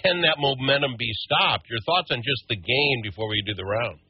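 A man hosting a casual political talk show, opinionated and animated, often restarting his sentences. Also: mid-range voice, brisk, breathy edge, dry recording, muffled recording.

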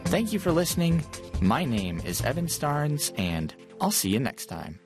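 A man hosting a podcast, giving clear, steady and instructive step-by-step tech narration. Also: on the high side, measured pace, music in the background. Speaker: podcast host. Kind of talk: scripted tech how-to narration.

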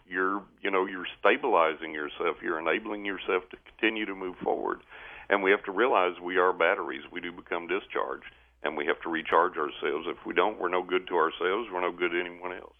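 Deep-voiced man giving emphatic advice over a phone line. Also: moderate pace. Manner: emphatic, encouraging. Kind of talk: advice talk on radio.

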